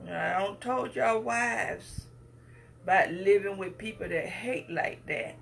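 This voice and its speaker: Soft music plays behind a gravelly, medium-pitched female voice speaking slowly. She is in her 50s and addresses the public in an impassioned speech, repeating herself emphatically like a preacher.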